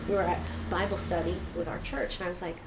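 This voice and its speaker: A middle-aged woman tells her story as an interview guest, jumping up in pitch when she acts out other people's lines. The room sounds echoey, with a faint hiss behind her. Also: steady tone, quick pace.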